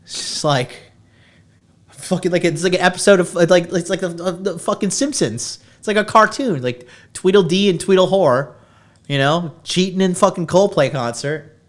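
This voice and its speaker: A man's voice: high-pitched, normal speed. A male podcast host giving dating advice in a brash, profane rant, lecturing his listeners.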